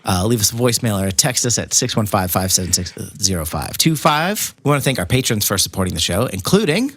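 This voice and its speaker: Dry-sounding man with lively pitch. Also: fast talker, slightly rough, no room sound. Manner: rambling, self-interrupting, jokey. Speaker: podcast co-host. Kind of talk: casual chat.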